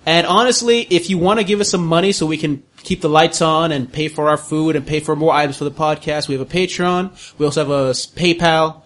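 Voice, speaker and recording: A man's voice: on the high side, steady tone, fairly quick, hardly any pauses, a bit bright. A man co-hosting a gaming podcast, reading out its plugs in an easygoing, wry way. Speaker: podcast co-host. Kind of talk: casual chat, reading show plugs.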